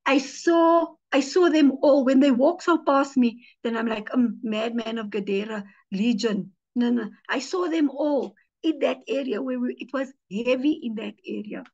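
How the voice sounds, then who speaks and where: A woman pastor preaches with lively storytelling, slipping into the voices of the people she quotes. Her voice sits a little high for a woman's. The audio is muffled and lo-fi. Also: normal speed, creaky, hardly any pauses. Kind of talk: teaching sermon with personal stories.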